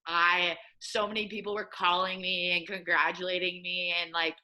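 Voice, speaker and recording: A young woman with a Midwestern accent, a podcast guest telling a lively story and acting out what people said. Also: normal speed. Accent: American Midwest. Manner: animated storyteller, acts out quotes with high excited pitch. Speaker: guest, assistant soccer coach. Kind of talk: casual storytelling interview.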